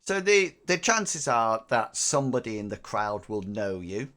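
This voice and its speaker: A man's voice: mid-range voice, big pitch swings, measured pace, crowd noise. A man narrating a tabletop role-playing game as game master, rambling and hesitant, laughing often.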